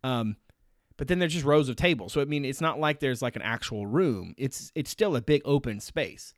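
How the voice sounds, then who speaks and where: Brief: male sports podcast host, middle pitch, reflective casual chat, dry close sound. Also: lively intonation, normal speed, dry recording.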